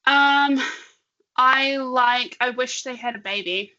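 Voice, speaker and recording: A woman co-hosting an online talk, chatting casually and thinking aloud while demonstrating software, laughing often. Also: sits high, slow pace, highs cut off, soft background music. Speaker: webinar co-host. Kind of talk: casual live demo chat.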